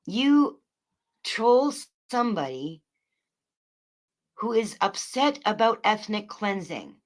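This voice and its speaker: Woman streamer, angry rant to chat, profane, mocking, loud then quiet. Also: medium pitch, very animated, slow pace. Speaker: livestreamer.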